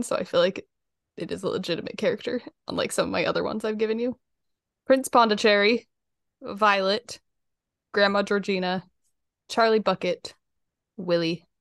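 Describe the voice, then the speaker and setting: A woman co-hosting a podcast, chatting casually through a guessing game, animated and quick to laugh and exclaim. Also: mid-range voice, creaky, no room sound, clean studio sound. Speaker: podcast co-host.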